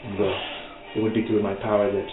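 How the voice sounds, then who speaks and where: A man's voice: fairly low pitch, level tone, close to an everyday voice. A man voicing a frail, weary old timekeeper woman. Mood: weary, solemn. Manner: slow, solemn and mournful. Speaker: game master. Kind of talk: voicing a character in a tabletop game. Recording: echoey, tinny online call with music.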